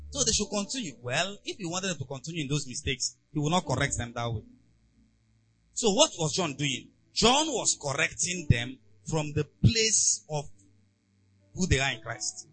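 A man preaching a sermon, asking the congregation rhetorical questions and swinging from soft asides to loud emphasis. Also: a little high, rough recording. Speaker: pastor.

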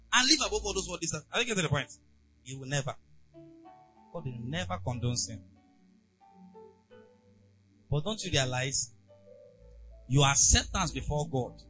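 A man preaching a sermon, asking the congregation rhetorical questions and swinging from soft asides to loud emphasis. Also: on the high side, low-quality recording. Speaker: pastor.

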